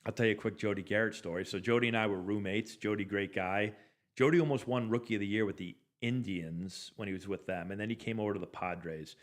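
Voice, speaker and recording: Rambling middle-aged man, lower voice. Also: quick pace. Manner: rambling, loose, full of "like" and restarts. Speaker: former pro ballplayer hosting a live stream. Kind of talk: casual anecdotal storytelling.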